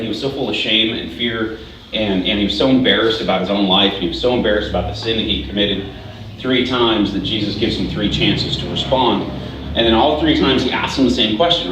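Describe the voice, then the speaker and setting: A man's voice: fairly low pitch, fairly bright tone, recorded from a distance. A man giving a casual, conversational sermon as pastor, often restarting and checking in with "right?" asides. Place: church hall. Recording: very echoey hall, voice from afar, faint hiss.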